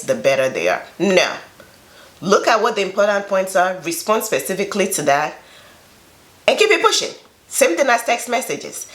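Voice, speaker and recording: Low-voiced woman giving earnest advice. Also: a bit bright. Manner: earnest, emphatic, conversational. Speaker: self-reflection vlogger. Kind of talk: casual spoken advice.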